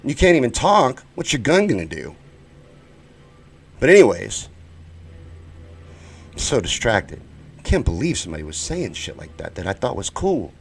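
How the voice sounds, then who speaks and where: Host, male, American; profane live-stream ranter, very animated pitch, flips from shouting to muttering. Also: normal speed, creaky, pauses often, slightly rough. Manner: heated, profane, swings between shouting and muttering. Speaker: show host.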